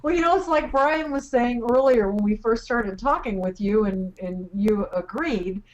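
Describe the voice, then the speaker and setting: A woman's voice: a little high, normal speed, muffled recording. A woman co-hosting a radio interview, asking the guest questions in a conversational way. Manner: conversational, inquisitive. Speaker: co-host.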